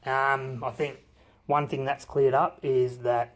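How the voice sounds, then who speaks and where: A man's voice: mid-range voice, level tone, slow. A man in a recorded voice message to a podcast, cheekily roasting the hosts. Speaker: listener sending a voice message.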